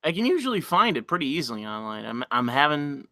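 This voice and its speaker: Brief: male streamer, casual and profane, lively pitch swings, slightly high voice. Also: brisk, few pauses, dry recording, clean studio sound. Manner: profane, exasperated, laughs often. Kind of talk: casual live-stream chat.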